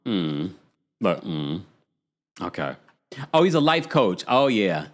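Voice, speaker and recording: A man's voice: deep voice, sing-song, slow. A young man hosting a casual, gossipy reality TV recap, reading out live chat and laughing often. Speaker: podcast host.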